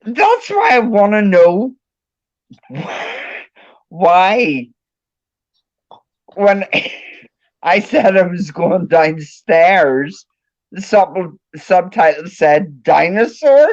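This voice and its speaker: A woman's voice: on the low side, sing-song, drawn-out words, long pauses, darkish tone. A woman co-hosting a casual livestream chat, often laughing, sighing and groaning. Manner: laughs a lot, groans and sighs. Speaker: co-host. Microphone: video call. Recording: dull lo-fi stream audio.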